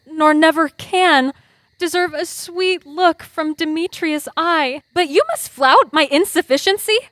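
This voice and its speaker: A woman's voice: sits high, a bit bright, dry recording, studio quality. An actress playing a scorned young woman in a college stage play, hurt and indignant.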